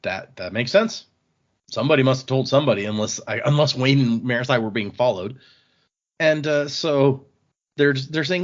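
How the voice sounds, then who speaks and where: A man's voice: mid-range voice, brisk. Male podcast host, casual recap, easy chatty delivery, slightly muffled mic. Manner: relaxed, chatty retelling with small restarts. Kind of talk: casual book-club chat, recapping and quoting lines. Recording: slightly dull lo-fi mic audio.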